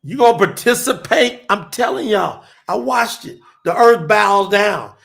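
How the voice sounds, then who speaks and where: A man preaching fervently on a livestream, shouting scripture and then reading from his chat. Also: sits high, expressive, measured pace, gravelly. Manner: shouts and drawls, reads chat aloud.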